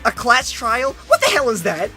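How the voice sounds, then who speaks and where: A loud, bratty teenage girl yells her defiance, as a man puts her on. Her voice is raised, bright and snappy, and faint game music runs behind it. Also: very high-pitched, wildly swooping pitch, moderate pace, exaggerated voice. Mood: defiant.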